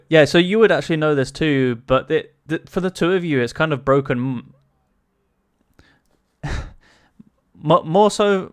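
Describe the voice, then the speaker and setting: Male game master, unhurried, smooth clear voice, um-heavy delivery. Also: fairly high pitch, dry recording, clean studio sound. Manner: hesitant, many fillers, chuckling. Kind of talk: narrating a tabletop game.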